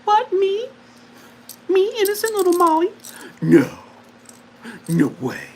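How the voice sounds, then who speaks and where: Man doing a squeaky sassy little dog. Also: huge pitch swings, slow pace, a little hiss or hum, exaggerated voice. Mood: mock-innocent. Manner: squeaky falsetto, mock-innocent. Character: sassy innocent-acting little female dog.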